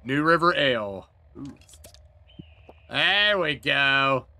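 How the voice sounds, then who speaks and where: A man's voice: mid-range voice, animated, slow, bright, forceful tone, dry recording. A man streaming a video game with friends, playful and giggly, muttering as he loots. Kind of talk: casual gaming chat.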